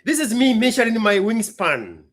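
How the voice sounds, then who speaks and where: A man's voice: sits high, big pitch swings, moderate pace, fairly bright tone. A young man hosting a casual live stream, playful and theatrical, chatting and joking with himself.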